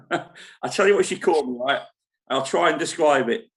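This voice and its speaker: A man's voice: a little high, a bit bright. A man hosting a casual live-stream chat from a holiday park club foyer, talking in a rambling way and laughing easily. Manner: chatty, rambling, quick to laugh. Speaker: show host at a holiday park.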